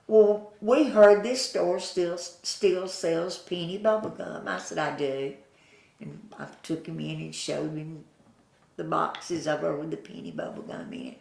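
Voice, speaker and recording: A woman's voice: lowish voice, steady tone, vocal fry, reverberant. An older woman with a Southern US accent, telling folksy stories in an oral history interview. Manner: slow, folksy, chuckling storyteller who acts out quoted voices.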